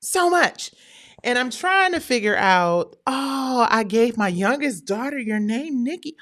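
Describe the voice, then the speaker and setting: A middle-aged woman hosting a livestream, talking in a casual, animated, slangy way. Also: on the high side, measured pace. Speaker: livestream host.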